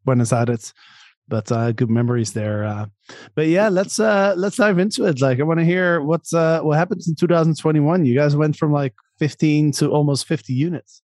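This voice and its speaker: A man hosting a podcast, reading a scripted intro and then chatting in an upbeat, energetic way with guests. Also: a little high, normal speed, no room sound, studio quality. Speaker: podcast host. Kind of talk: casual interview, scripted intro.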